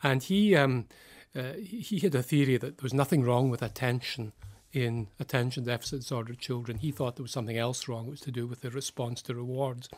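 Scottish psychologist guest, mid-pitched male voice, thoughtful, halting explainer, radio interview. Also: steady tone.

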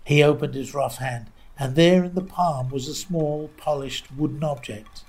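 A woman narrating a children's story aloud in a lively, expressive way. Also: deep voice, normal speed, slightly rough. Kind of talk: storybook reading.

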